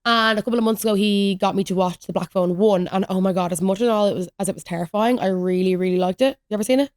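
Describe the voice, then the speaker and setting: A young woman hosts a podcast solo, rambling through stories in chatty, casual talk and saying "like" a lot. Her medium-pitched voice moves at a quick pace, recorded in studio quality with no room sound.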